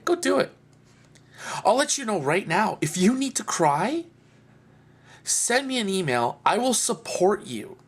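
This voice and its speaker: A man speaks to camera in a personal video blog. His delivery is earnest and heartfelt. He talks slowly and lets his voice rise and fall a great deal. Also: on the high side. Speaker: video blogger.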